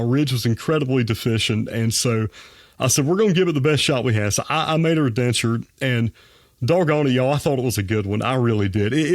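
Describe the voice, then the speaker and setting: A man with a drawl tells a story in a folksy, earnest way, speaking at a mid pitch into a close mic. The sound is dry, with no room around it. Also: creaky, no echo. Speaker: dentist, podcast guest. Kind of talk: personal anecdote in a podcast interview.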